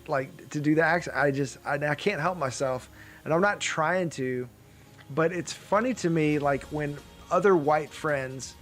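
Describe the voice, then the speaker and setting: A man's voice: a little high, fairly bright tone. A man co-hosting a casual chat show, rambling through his points with lots of fillers, restarts and laughs. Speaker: podcast co-host.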